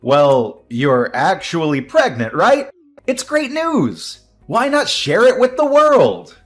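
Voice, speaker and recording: An actor playing an entitled young husband who defers to his mother, dismissive and prone to excited outbursts. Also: medium pitch, moderate pace, soft background music, natural voice. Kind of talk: audio drama acting.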